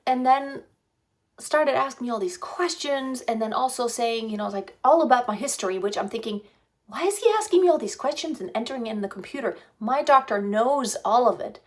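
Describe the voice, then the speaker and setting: A woman's voice: a little high, brisk. A woman in her fifties telling a rambling personal story, talking casually into a phone propped in front of her, with many fillers and restarts. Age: 50s. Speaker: vlogger. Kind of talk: casual pregnancy vlog storytelling. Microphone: phone propped on a stand.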